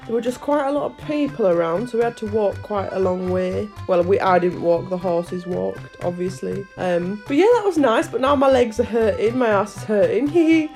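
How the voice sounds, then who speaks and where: A woman's voice: mid-range voice, normal speed, few pauses, a little mellow, soft background music. Chatty woman reading a storybook. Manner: self-deprecating, chatty. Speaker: audiobook reader.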